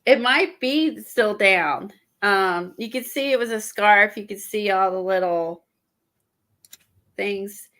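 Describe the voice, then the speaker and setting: A woman chatting casually on an art livestream, a little out of breath and stuffy, rambling with halting fillers and restarts. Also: mid-range voice, fairly bright tone. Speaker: guest showing art supplies.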